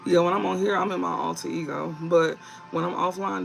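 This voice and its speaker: A young man hosting a live tarot reading stream, talking in a calm, low-key, casual way with slang. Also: normal speed, vocal fry, soft background music, rough recording.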